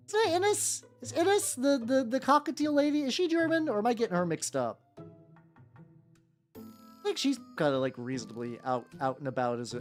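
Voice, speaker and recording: A woman's voice: mid-range voice, a little mellow. A woman streaming while she paints miniatures, chatting casually with viewers in a playful, rambling way with some swearing. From United States. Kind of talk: casual livestream chat. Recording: faint background music.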